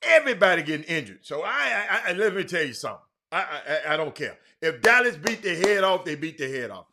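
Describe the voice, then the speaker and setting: A man's voice: high voice, big pitch swings, fast talker, gravelly, noisy background. A man hosting a casual live-stream sports talk show, chatting loosely and greeting viewers by name. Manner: chatty, shouting out viewers by name, many restarts.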